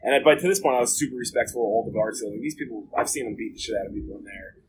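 A man's voice: lowish voice, rapid-fire, noisy background. A man being interviewed, telling his own story in a blunt, profane, rambling way with lots of filler words. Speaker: interview guest. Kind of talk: candid storytelling about jail and addiction.

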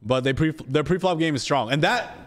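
A man hosting a casual podcast chat, slangy and animated, swearing freely. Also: a little high, brisk. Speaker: podcast host.

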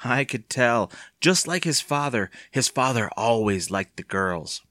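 A man voicing a booming, deep-voiced old aunt. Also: lively intonation, unhurried, fairly bright tone, no echo, clean studio sound. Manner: booming, leering, hearty. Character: loud, teasing old great-aunt, deep-voiced woman.

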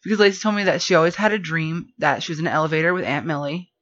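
A woman telling a rambling story in casual podcast chat, animated and full of fillers. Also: sits low, rapid-fire. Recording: dull lo-fi podcast audio.

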